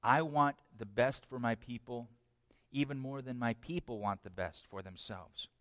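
Preacher speaking as god to moses, earnest, gentle, dry close sound. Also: male voice, medium pitch, normal speed, dry recording, long reverb tail, voice pushed down, natural voice. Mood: tender.

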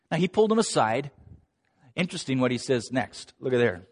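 A middle-aged man preaching a sermon, lively and dramatic, acting out quoted lines with big rises and falls in his voice. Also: normal speed. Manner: animated, acts out quoted voices with big pitch swings.

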